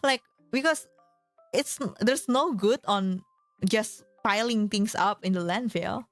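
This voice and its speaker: A woman's voice: medium pitch, takes it slowly, a bit bright, dry recording, soft background music. A woman streamer in casual chat, giggling often and filling her talk with fillers.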